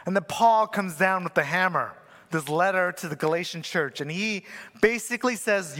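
A young man with a notably high voice delivers a chatty sermon, leaning on "right?" to pull his listeners along. His voice rings out with a long reverb, as if he stands in a big church hall. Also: moderate pace, sharp tone. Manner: conversational, keeps asking "right?". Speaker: preacher. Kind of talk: sermon with personal story.

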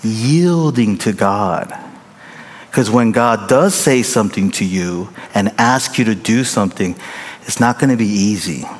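A man preaching a sermon as a pastor, animated and humorous, acting out the voices of the people he quotes. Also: on the low side, a little slow. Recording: long reverb in a large hall.

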